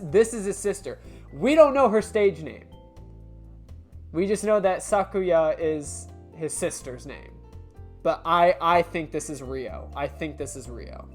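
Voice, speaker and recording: A woman streamer doing let's play commentary, rambling and swearing at her own slips. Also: fairly low pitch.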